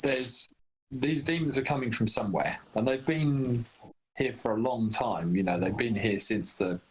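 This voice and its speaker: Slow, deliberate man in a tabletop game. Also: medium pitch, rough recording. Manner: deliberate, reasoning things through. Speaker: player. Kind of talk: tabletop role-play chat.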